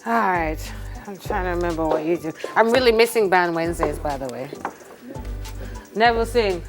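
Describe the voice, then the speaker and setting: A woman's voice: lowish voice, animated, moderate pace, over music. A woman with a Jamaican accent co-hosting a TV show, teasing her co-host and giggling often. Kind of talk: playful studio banter.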